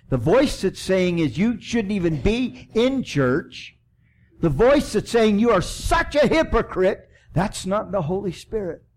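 Here a pastor with a fairly high voice gives a church sermon. His delivery alternates between booming emphasis and quiet, prayer-like appeals.

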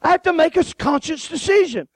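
Fairly quick and high-voiced, a male guest preacher fills his sermon with humor, laughing and acting out voices as he tells animated, joking stories. The recording is dry and close-miked, lacking any room sound.

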